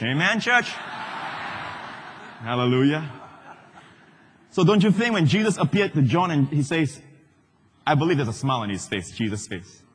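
Middle-aged man preaching, loud then hushed, slightly husky, recorded live in a big echoing church. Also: fairly high pitch, normal speed, pauses often. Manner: animated preaching, swings between loud and hushed. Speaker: pastor. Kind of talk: sermon. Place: large church hall. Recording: live church hall with long reverb.

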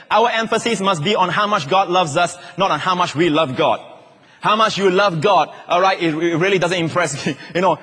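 A male pastor preaching a sermon to a church, dropping at times into soft, slow, hushed repetitions. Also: high-pitched, slightly rough. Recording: long reverb of a large hall.

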